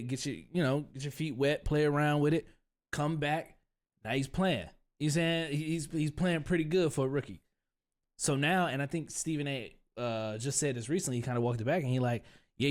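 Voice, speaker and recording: A man hosting a sports reaction vlog, ranting in a blunt, slangy and profane way that rambles between points. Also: fairly high pitch. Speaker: sports commentary vlog host. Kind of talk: casual reaction rant.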